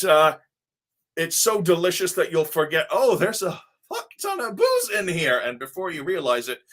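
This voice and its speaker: A man's voice: medium pitch, pushed and bright. A man from Ohio with a mixed English and Midwestern American accent, chatting casually as a livestream host reading viewer comments, rambling with fillers and the odd swear word. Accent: mixed English RP, Devon and Midwestern American.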